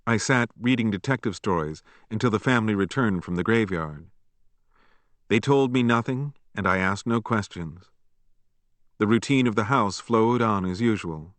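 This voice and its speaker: Measured male audiobook narrator, dry booth. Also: on the low side, no room sound. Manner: measured, even storytelling. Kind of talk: scripted memoir narration.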